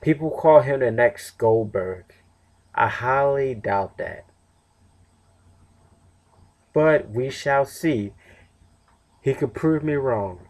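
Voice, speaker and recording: A man's voice: mid-range voice, animated, slow, long pauses, darkish tone. A tired young man casually reviewing a wrestling show on his own, rambling with fillers and self-corrections. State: tired, yawning.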